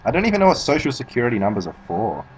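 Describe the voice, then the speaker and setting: This Australian-accented speedrunner rambles and swears plenty while playing, laughing at himself along the way in casual commentary. His medium-pitched voice swings hugely in pitch and comes out rapid-fire. The audio is dull, with slight background noise.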